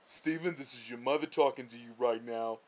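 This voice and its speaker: A man's voice: medium pitch, brisk, darkish tone, close to an everyday voice. A man putting on the voice of a stern older mother theatrically scolding her grown son.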